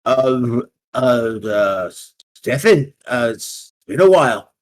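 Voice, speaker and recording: A man's voice: mid-range voice, expressive, takes it slowly. A man voicing a nervous, evasive male debtor who stammers and babbles in a tabletop game. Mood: flustered.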